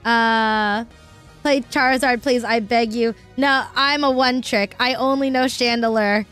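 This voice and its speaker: A young adult woman chatting casually with her viewers while she plays a game, excitable and quick to laugh, cursing when things go wrong. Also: fairly high pitch, soft background music. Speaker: streamer. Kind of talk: casual live-stream chat while gaming.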